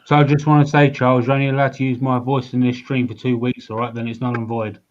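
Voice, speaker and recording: A man's voice: medium pitch, level tone, quick pace, dull audio. An English man who is a guest on a live stream, chatting in a dry, teasing way over a video call. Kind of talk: casual chat.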